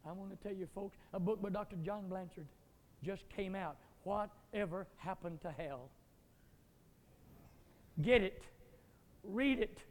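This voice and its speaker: A man's voice: high voice, normal speed. Older man preaching a fiery revival sermon. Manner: swings from quiet reading to loud shouting. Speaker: pastor. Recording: echoey hall.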